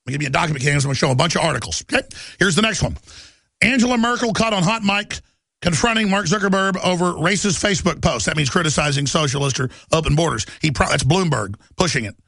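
Gravelly, high-pitched ranting man. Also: a bit bright, no room sound, studio quality. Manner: agitated, ranting, fast and emphatic. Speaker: radio and TV talk show host. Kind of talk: political talk show monologue.

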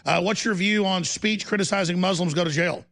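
A man hosting a radio talk show, animated and jokey as he talks to guests and callers. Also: high-pitched, a little fast. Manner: animated, jokey, slips into silly impressions. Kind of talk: rambling talk radio banter.

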